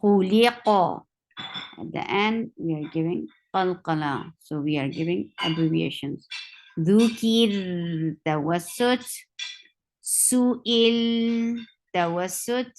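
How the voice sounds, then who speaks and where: A woman teaching Quran recitation, sounding out each word slowly and repeating it several times. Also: on the low side, a little mellow, a little hiss or hum, poor audio. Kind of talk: slow tajweed lesson with drilled repetitions.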